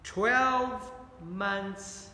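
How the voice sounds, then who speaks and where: A man's voice: sits high, very slow, sharp tone, a little hiss or hum. A man leading a Bible study lesson, talking earnestly and putting questions to his listeners. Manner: earnest, questions the audience, repeats "dear friends". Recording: echoey hall with long reverb, faint ambience.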